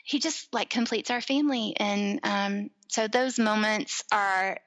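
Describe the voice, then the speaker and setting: A woman's voice: mid-range voice, unhurried, a bit bright. A woman in her forties, a podcast guest, telling family stories in casual chat and acting out the voices of people in them.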